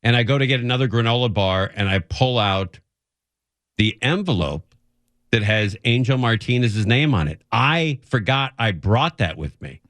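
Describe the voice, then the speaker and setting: A man's voice: medium pitch, animated, normal speed, fairly bright tone, dry recording. A man hosting a radio show, telling a rambling, self-mocking story in casual chat and laughing often.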